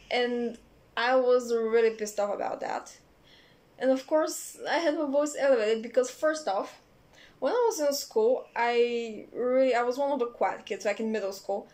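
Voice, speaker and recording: A young woman telling a personal story in a casual, rambling way, swearing freely and filling pauses with "uh" and "like". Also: a little high, darkish tone. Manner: rambling, profane, many fillers. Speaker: vlogger.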